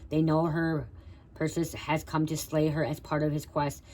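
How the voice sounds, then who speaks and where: A woman's voice: low-pitched, flat delivery, normal speed, darkish tone, slight background noise, rough recording. A woman doing a live card reading for viewers, stumbling as she reads the guidebook text aloud and breaking off to talk to them directly. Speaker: tarot reader.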